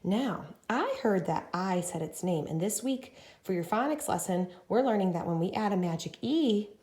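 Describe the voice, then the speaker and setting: A woman teacher leading an early-grade writing lesson, speaking slowly and encouragingly and sounding out words for young children. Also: mid-range voice, animated, a little mellow. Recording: echoey room.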